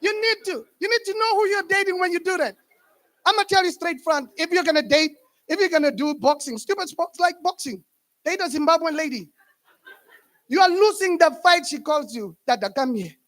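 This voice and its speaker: A young man with a Namibian accent doing a stand-up comedy set, animated and laughing at his own jokes. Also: very high voice, brisk.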